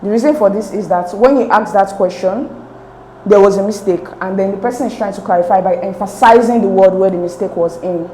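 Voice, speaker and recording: Woman, exam tutor, methodical, mellow tone, echoey room, faint hiss. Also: mid-range voice, brisk. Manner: methodical, repeats key points. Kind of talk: explaining exam questions.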